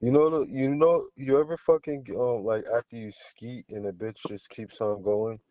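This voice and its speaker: A man's voice: medium pitch, little pitch movement, normal speed, mellow, muffled recording, a little hiss or hum. Crude, boastful man in podcast banter. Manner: crude, boastful, laughs a lot. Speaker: podcast co-host.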